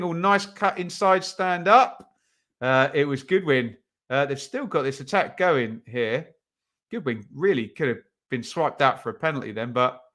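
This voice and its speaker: A man's voice: medium pitch, fairly bright tone. A young man hosting a live football watch-along stream, chatting with viewers, reading out their comments and often saying um. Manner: chatty, reads out chat comments, many ums.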